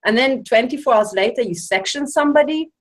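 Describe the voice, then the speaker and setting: A woman's voice: a little high, a little fast, rough recording. A woman speaking as a guest in a group discussion, talking in long runs in a sarcastic and emphatic way.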